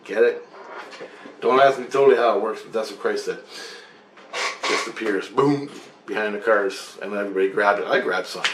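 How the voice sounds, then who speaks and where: A man's voice: fairly low pitch, normal speed, pauses often, background noise. A man vlogging, telling a dream story in a loose, profane, meandering way. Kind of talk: rambling casual storytelling. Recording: echoey room with faint ambience.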